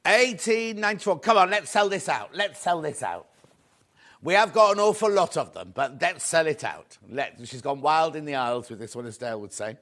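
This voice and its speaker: A man's voice: fairly high pitch, expressive, moderate pace, fairly bright tone. A man presenting a live shopping show, upbeat and chatty, greeting viewers by name as he sells fabric.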